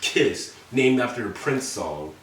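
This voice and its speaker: A man's voice: mid-range voice, animated, slow pace, a bit bright, a little hiss or hum. Rambling young man recapping to friends. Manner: rambling, filler-heavy, profane. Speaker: presenter. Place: indoor room with friends. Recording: echoey room mic from a distance.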